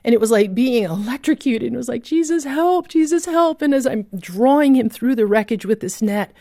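A woman's voice: a little high, fairly quick, gravelly, dark tone, no room sound, studio quality. A woman giving an earnest, emotional testimony of a personal story, with vivid storytelling. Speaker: guest telling a personal story.

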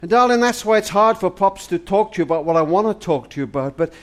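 Older guy, gentle grandpa talk, earnest and kinda high-voiced. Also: expressive, fast talker. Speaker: family charity speaker. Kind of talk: heartfelt spoken monologue to a granddaughter.

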